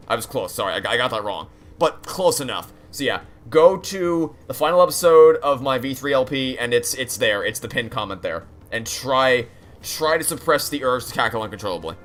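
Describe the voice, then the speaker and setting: A man's voice: mid-range voice, expressive, brisk, fairly bright tone. A young man streaming a game, rambling candidly with frequent restarts and profanity. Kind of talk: live-stream chat while gaming.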